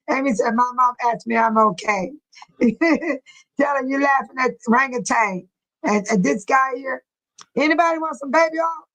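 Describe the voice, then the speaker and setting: A woman's voice: sits high, measured pace, long pauses, a bit bright, rough recording. An older woman, hosting a casual livestream, laughing often and teasing viewers by name as she reads the chat. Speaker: livestream host reading chat.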